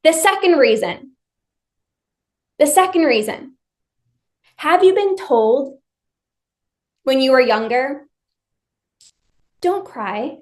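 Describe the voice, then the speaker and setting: A woman's voice: sits high, lively intonation, slow pace, pauses often. A woman leading a live online workshop, speaking to her viewers directly with emphatic, repetitive phrasing.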